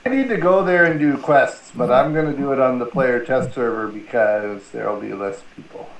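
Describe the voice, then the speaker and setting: A man's voice: medium pitch, normal speed, roomy sound, muffled recording. A man chatting casually as a guest, rambling and joking with many fillers. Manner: rambling, filler-heavy, jokey. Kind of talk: casual chat.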